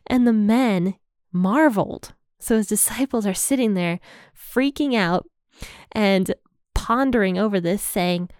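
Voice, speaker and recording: A woman's voice: medium pitch, a little slow, a little mellow, no echo. Woman teaching scripture casually, dry sound. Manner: conversational, explains verses in everyday terms. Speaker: Bible podcast host. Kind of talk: casual Bible study teaching.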